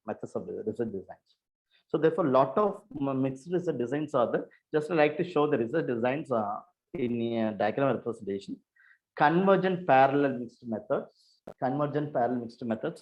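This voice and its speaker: A man giving a university lecture on research methods over a video call. He explains in a halting, repetitive way and often corrects himself. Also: mid-range voice, darkish tone.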